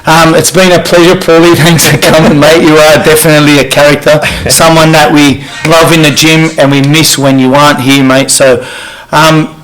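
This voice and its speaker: Teasing Australian host, higher voice. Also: male voice, little pitch movement, moderate pace, few pauses, a bit bright. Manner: laughing, teasing. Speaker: podcast host. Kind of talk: playful whisper-game banter.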